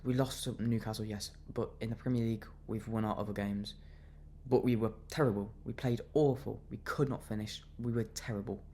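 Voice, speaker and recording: A man's voice: lowish voice, steady tone, a little fast, a little mellow, slight background noise. A young man venting his anger in a fan reaction rant, fuming and repeating himself as he vents. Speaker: football fan vlogger.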